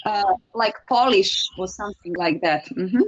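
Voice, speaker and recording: A woman's voice: medium pitch, moderate pace, muffled recording. A woman with a Serbian accent teaching an English grammar class online, patient and encouraging as she explains step by step.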